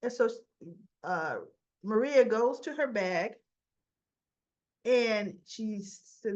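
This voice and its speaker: Woman rambling slow through a soap recap, does everyone's lines, muffled lo-fi sound. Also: fairly high pitch, expressive, darkish tone. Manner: chatty, retells scenes by voicing the characters' lines; asides to viewers. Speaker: soap opera reviewer. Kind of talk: casual episode recap.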